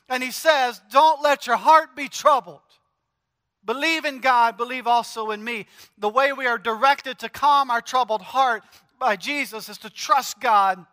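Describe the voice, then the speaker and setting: A middle-aged man preaching a sermon in a conversational, joking way, quickly paraphrasing scripture quotes. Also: very high-pitched, pushed and bright, big-room sound. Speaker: pastor. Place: large church hall.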